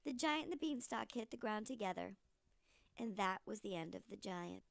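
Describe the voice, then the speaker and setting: Animated woman reading a storybook aloud. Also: mid-range voice, normal speed, vocal fry, no room sound.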